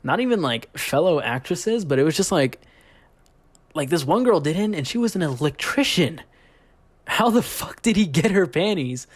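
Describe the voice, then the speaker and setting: A young man narrating a comedic story in a profane, rambling, deadpan way. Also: fairly high pitch, moderate pace. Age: young adult. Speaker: YouTube storyteller.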